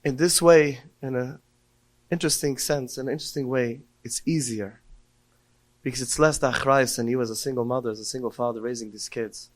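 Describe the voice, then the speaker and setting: A man's voice: medium pitch, fairly even intonation, brisk. A middle-aged man giving a heartfelt Torah talk, telling stories and rising to emotional cries when quoting prayers. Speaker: podcast speaker.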